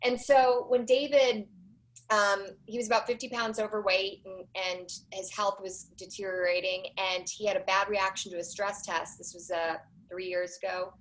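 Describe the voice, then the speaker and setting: A woman in her forties, a documentary producer, chatting as a guest on a podcast with animated storytelling and quick asides. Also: mid-range voice, low-quality recording. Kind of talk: casual interview chat.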